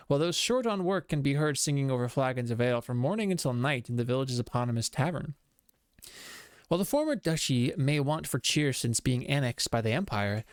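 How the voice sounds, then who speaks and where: A man's voice: mid-range voice, dry recording, studio quality. A man streaming a game, joking with chat and reading game text aloud. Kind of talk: casual game streaming commentary.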